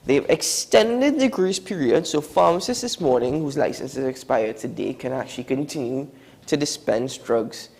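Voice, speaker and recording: Trinidadian male co-host, casual studio banter, wry and lively. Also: normal speed, creaky. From Trinidad and Tobago. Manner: animated, wry, pitch jumping for emphasis. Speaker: talk show co-host.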